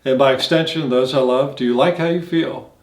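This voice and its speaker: A man's voice: medium pitch, fairly even intonation, brisk, echoey room. A man giving an earnest reflective monologue, speaking straight to the listener with many rhetorical questions. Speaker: motivational speaker.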